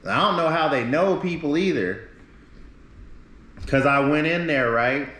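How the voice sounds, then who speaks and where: A man's voice: fairly high pitch, a little slow, fairly bright tone. A man streaming live, telling a long rambling story in casual talk full of swearing. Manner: rambling, profane, acts out quoted people. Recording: roomy echo.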